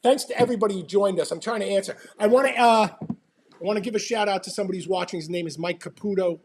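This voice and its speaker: A man co-hosting a casual livestream chat, loud and laughing, swearing often. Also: sits high, rapid-fire, a little hiss or hum. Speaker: podcast co-host.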